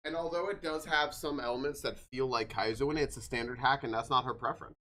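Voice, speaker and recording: A man's voice: medium pitch, fast talker, sharp tone. A man streaming live, chatting casually and greeting viewers by name, with frequent swearing. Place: home streaming room.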